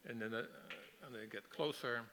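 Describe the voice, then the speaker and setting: A man teaching a masterclass on storyboarding, explaining in a relaxed way with frequent restarts. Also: medium pitch, moderate pace, a little hiss or hum. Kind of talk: lecture on storyboarding.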